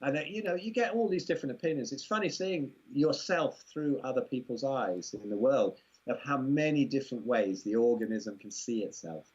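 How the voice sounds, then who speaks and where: Husky english guy rambling on in an interview, lots of "you know", sounds kinda muffled. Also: mid-range voice, lively intonation, normal speed, a little mellow. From England. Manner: rambling, amused, full of "you know" asides. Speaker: guest. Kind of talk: casual conversational interview. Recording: muffled lo-fi recording.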